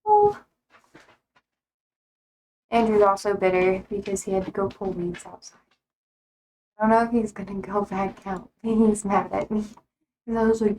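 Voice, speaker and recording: A woman's voice: mid-range voice, animated, a little slow, long pauses, darkish tone, slight background noise, poor audio. A young adult woman streamer chatting casually on a live stream, rambling and full of fillers, often cutting herself off mid-thought. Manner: rambling, filler-heavy, self-interrupting.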